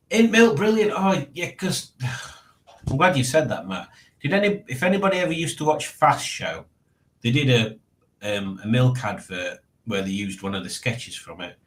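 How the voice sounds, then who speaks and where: A man's voice: medium pitch, moderate pace, fairly bright tone. A man hosting a casual livestream, rambling and chuckling to himself as he reads out chat messages. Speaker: livestream host. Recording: echoey room.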